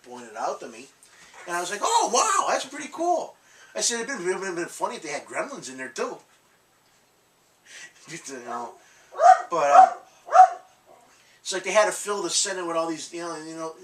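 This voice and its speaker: A man's voice: on the high side, fairly bright tone, recorded from a distance. A man hosting a collectibles channel, telling rambling stories in casual chat, laughing often and swearing. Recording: echoey room, off-mic, faint noise.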